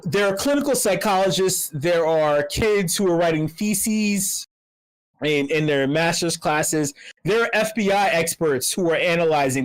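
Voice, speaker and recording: A speaker at a community meetup, ranting with lots of swearing, repeating words and swinging between high and low pitch. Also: poor audio. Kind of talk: profane ranting commentary.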